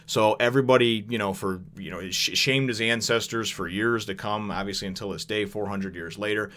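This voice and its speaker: Man, young adult, lowish voice; loose rambling recap, chuckles often. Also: fairly even intonation, fairly quick, a bit bright. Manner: rambling, chuckling, many fillers. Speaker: manga chapter reviewer. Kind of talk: casual recap with commentary.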